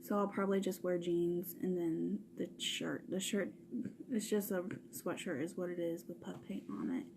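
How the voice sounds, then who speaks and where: A young woman chatting casually at home while doing her makeup, relaxed and full of fillers. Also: on the low side, normal speed, vocal fry, background noise. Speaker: makeup vlogger. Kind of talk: casual chat.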